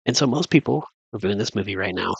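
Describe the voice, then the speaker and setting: A movie reviewer recaps a film casually and ramblingly, with plenty of fillers and restarts. His fairly low, gravelly voice has a breathy edge, lively intonation, and a quick pace, captured in a dry, lo-fi recording.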